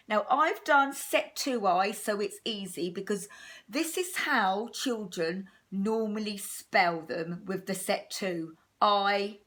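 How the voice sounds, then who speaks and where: Female primary teacher, unhurried and patient, mid-pitched, home lesson. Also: a bit bright. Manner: slow, patient, clear explaining to young children. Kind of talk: home-learning phonics lesson.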